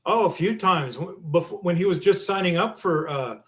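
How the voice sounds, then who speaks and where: A man co-hosting a podcast in casual chat, easygoing and halting, with restarts as he tells stories. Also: sits high, lively intonation. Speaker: podcast co-host.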